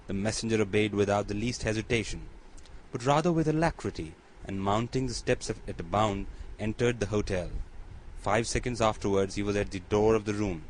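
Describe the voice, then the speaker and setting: A man reading audiobook narration in a steady, even manner. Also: fairly low pitch, moderate pace, a little hiss or hum, poor audio.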